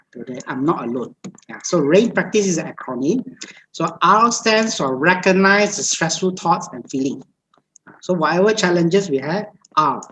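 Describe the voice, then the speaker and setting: A woman gives a Buddhist dharma talk over a video call, her voice low. She speaks in repetitive, list-like phrases and often stops on hesitant fillers. Faint noise sits behind her. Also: rough recording. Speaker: meditation teacher.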